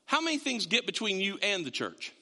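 A man preaching in a church, his high, lively voice swinging widely in pitch and ringing very bright. He jokes with the congregation, then drives his points home with emphatic bursts. The sound carries a long hall reverb. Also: fairly quick. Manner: conversational, joking preacher with emphatic rises. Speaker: pastor. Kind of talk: sermon. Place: church sanctuary.

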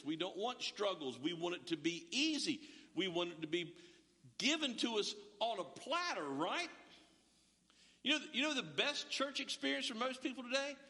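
A man's voice: sits high, pushed and bright, big-room sound. A male pastor preaching an emphatic, streamed sermon, full of rhetorical questions and stammered restarts. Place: church, large hall, streamed.

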